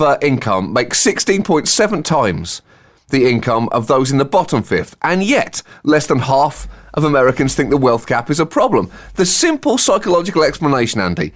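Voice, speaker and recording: A man co-hosting a satirical comedy podcast, delivering sardonic riffs and chuckling at his own jokes. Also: fairly high pitch.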